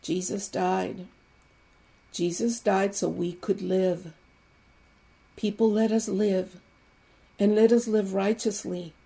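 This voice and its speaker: A woman preaching an Easter sermon with fervent, emphatic repetition that builds to loud exclamations. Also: medium pitch, level tone, takes it slowly, creaky, long pauses.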